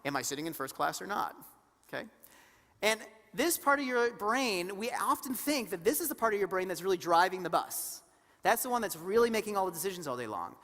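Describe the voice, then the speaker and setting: A woman co-presenting a live seminar, animated and engaging the audience with questions and acted-out stories. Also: mid-range voice, brisk. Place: conference hall before an audience. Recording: reverberant hall sound.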